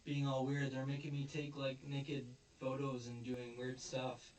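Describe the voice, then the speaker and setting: A man's voice: medium pitch, monotone, a little slow, a little mellow, slight background noise, lightly acted. A man voicing a flustered young woman in trouble who stammers and halts. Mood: distressed. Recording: roomy echo, distant mic, faint ambience.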